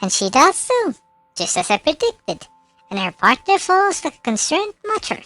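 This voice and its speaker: A woman's voice: sits high, sing-song, normal speed, fairly bright tone, dry recording, faint music behind. A woman streamer reading game narration aloud, with occasional slips and self-corrections.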